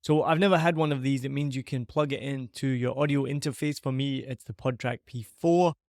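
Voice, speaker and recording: A man's voice: mid-range voice, fairly quick, a little mellow, no echo. Upbeat Scottish man, very dry sound. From Scotland. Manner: upbeat, chatty, self-deprecating. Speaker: podcast host reviewing microphones. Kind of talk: casual product review. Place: large empty living room with shiny surfaces. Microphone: dynamic microphone on a boom arm.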